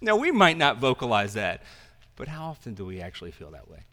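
Bright-voiced male pastor preaching in a hall. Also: mid-range voice, huge pitch swings, brisk. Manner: conversational, self-deprecating asides. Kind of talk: sermon.

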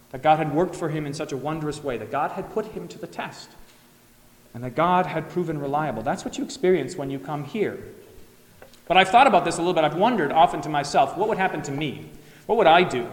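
A man preaching a sermon as pastor, earnest, asking the congregation rhetorical questions and acting out imagined replies. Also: on the high side. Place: church sanctuary. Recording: echoey church hall.

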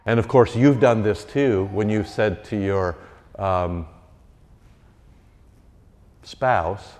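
Male pastor, fairly low voice, chatty and wry in the pulpit, long church reverb. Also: slow, pauses often. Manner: animated, conversational, wry asides. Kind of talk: sermon.

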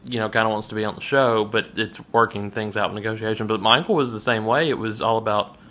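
A man co-hosting a podcast in casual chat, ranting with frequent restarts and sudden jumps up in pitch. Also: quick pace. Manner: animated, restarts often, rants with rising pitch. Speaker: podcast co-host.

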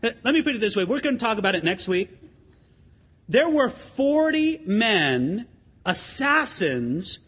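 A man's voice: high-pitched, very animated, a little slow, fairly bright tone, husky. A pastor preaching a sermon in an earnest, emphatic way, addressing his listeners as friends in a church sanctuary. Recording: long hall reverb.

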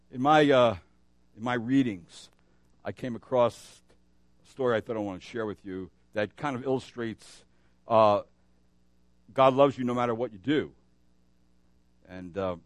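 A man's voice: mid-range voice, no echo. A male pastor preaching a sermon, moving between emphatic declarations and a casual storytelling manner with frequent fillers. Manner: animated preaching with rising emphasis and storytelling asides.

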